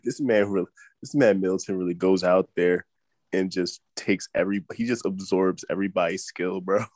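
A man's voice: low voice, steady tone, normal speed, a little mellow, no echo. Laughing man in casual sports chat. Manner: laughs often, playful, slangy. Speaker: podcast co-host.

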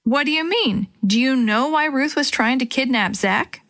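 A woman's voice: sits high, normal speed, fairly bright tone, voice pushed up. A woman voicing a determined young girl detective in a children's story, earnest and eager.

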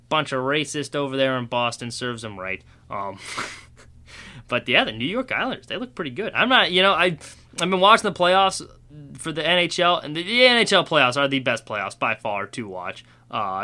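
A man's voice: mid-range voice, pushed and bright. A young man hosting a solo sports podcast, talking in a rambling, opinionated and self-mocking way. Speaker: podcast host.

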